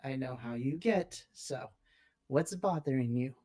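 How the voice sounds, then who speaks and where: A game master voicing a gentle, reassuring aunt who mothers a younger man in a tabletop game. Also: mid-range voice, measured pace, close to an everyday voice. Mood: gentle, soothing. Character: warm motherly aunt, older woman. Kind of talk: tabletop role-play character voice.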